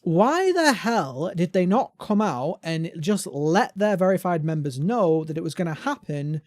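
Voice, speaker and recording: A British man hosting a gaming podcast, talking casually and ranting with animated emphasis. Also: sits high, unhurried, no echo. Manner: animated ranting, mimics voices. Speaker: podcast host.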